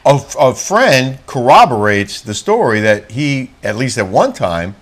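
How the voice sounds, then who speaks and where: Guy cohost jumping in with dry little corrections, lively ups and downs in his voice. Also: mid-range voice, measured pace. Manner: prompting, adds dry clarifications to partner's story. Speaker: podcast co-host. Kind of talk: casual chat.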